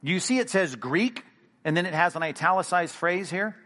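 Guy preaching a sermon, gets emphatic and punchy, kinda high voice. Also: brisk. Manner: animated, emphatic preaching with sudden loud bursts. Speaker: pastor.

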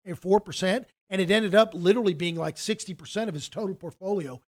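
High-voiced man telling a rambling story. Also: quick pace. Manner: rambling, restarts often, acts out quoted dialogue. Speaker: financial advisor. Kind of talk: casual storytelling in a conversation.

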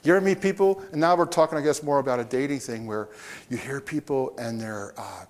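Male preacher, mid-pitched, animated storyteller with audience asides. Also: a little fast. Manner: animated, with restarts and chuckles. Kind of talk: conversational sermon.

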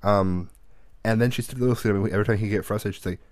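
Low-voiced man telling family stories. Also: fast talker, no room sound, clean studio sound. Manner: animated storyteller who acts out quotes, laughs, swears. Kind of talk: casual chat.

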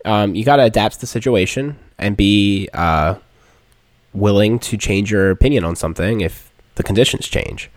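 Host, male, very low voice, relaxed reflective talk, dry close mic. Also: moderate pace, no room sound. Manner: relaxed, reflective, brief affirmations. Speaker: podcast host. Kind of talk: casual chat.

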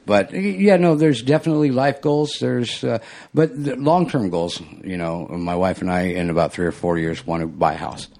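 Man, young adult, casual co-host, rambling, animated, many restarts. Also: fairly low pitch, normal speed, gravelly. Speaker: podcast co-host. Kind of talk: casual chat, storytelling.

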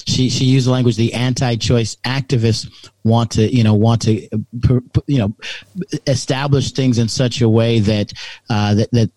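Male sidekick co-host, mellow dark voice, hesitant restarts, mostly agrees. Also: mid-range voice, dry recording. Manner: frequent short agreements, halting restarts. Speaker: podcast co-host. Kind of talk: casual chat, backing up co-host.

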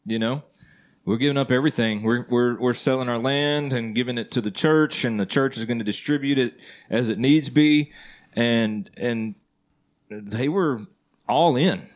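A man's voice: mid-range voice, normal speed. A man co-hosting a Christian podcast, talking earnestly in a loose conversational way and checking in with the others. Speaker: podcast co-host. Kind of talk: casual Christian podcast chat.

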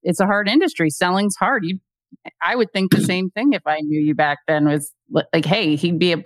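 A woman's voice: on the low side, no echo. Woman co-host asking easy follow-ups. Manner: encouraging, with quick follow-up questions. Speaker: podcast co-host. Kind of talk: casual interview chat.

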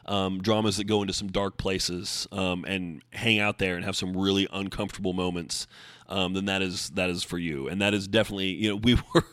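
A man's voice: sits low, fairly even intonation, fairly quick, fairly bright tone, no room sound. A man hosting his own podcast alone, talking casually and rambling with lots of fillers. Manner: chatty, rambling with many fillers. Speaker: podcast host. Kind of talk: solo podcast monologue.

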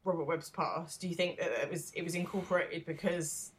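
Chatty English woman, low voice. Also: brisk, a little hiss or hum. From England. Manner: chatty, laughs often, asks questions. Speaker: podcast co-host. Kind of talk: casual podcast chat.

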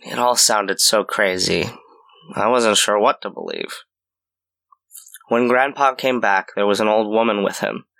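A man narrating a scripted horror story in a measured storytelling way. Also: lowish voice, gravelly, a bit bright.

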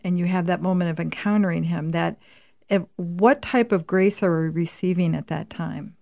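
A woman interviewer asking searching, halting questions in a podcast conversation. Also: fairly low pitch, vocal fry, warm tone, dry recording, clean studio sound.

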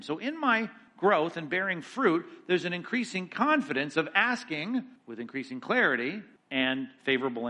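A man teaching the Bible in a sermon style, his voice bright and forceful and set a little high. He reads Scripture with rising emphasis, then drops into quick, casual asides. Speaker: pastor teaching a Bible study.

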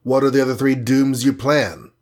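A man reading a storybook and voicing a steady hero leader, firm and commanding. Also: medium pitch, moderate pace, voice pushed up, close to an everyday voice. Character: steady male hero leader, grim and level-headed.

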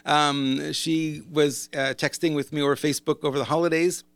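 A man's voice: a little high, little pitch movement, moderate pace, creaky, fairly bright tone, no room sound. A man talking casually as a business coach, rambling and conversational, often correcting himself as he goes. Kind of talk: casual monologue to camera.

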